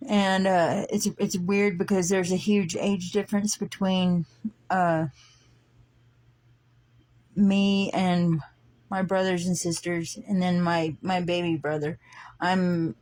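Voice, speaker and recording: A woman earnestly retelling a dream in casual testimony, halting with many fillers and restarts. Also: fairly low pitch, level tone, a little mellow. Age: older than her siblings by fifteen years; adult. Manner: earnest, slow-paced retelling. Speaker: dream storyteller.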